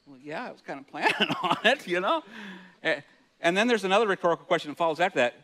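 A man's voice: high voice, animated, fast, pushed and bright. A middle-aged man preaching a sermon as pastor, chatty and self-deprecating, laughing often and restarting his words. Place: church hall.

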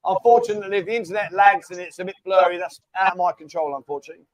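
A man's voice: high voice, fairly even intonation, racing, dry recording. A man hosting a casual live stream, bantering and teasing viewers. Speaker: livestream host. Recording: dull lo-fi stream audio.

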